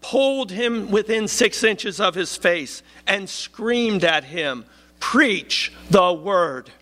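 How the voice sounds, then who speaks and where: A man preaching a sermon in a measured, emphatic way, slowing down to stress key phrases. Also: sits high, expressive, fairly bright tone.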